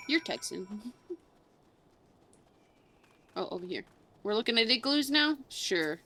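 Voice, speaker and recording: A young woman live-streaming a video game, teasing her chat with a playful, sarcastic edge and dropping swears without a second thought. Her voice sits a little high, and she sounds a bit sleepy. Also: big pitch swings, slow pace, long pauses, sharp tone, breathy edge.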